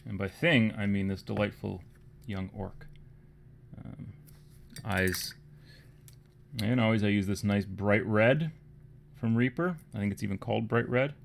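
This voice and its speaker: Laid-back male painting host, low gravelly voice, musing aloud. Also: unhurried, long pauses, slight background noise. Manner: relaxed, thinking aloud, drops to murmurs. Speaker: miniature painting streamer. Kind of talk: casual live painting tutorial.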